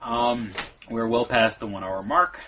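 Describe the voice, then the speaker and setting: A man's voice: medium pitch, fairly even intonation, unhurried, sharp tone. A man co-hosting a casual podcast, rambling through plugs and stories with many ums and restarts. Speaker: podcast co-host. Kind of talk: casual chat.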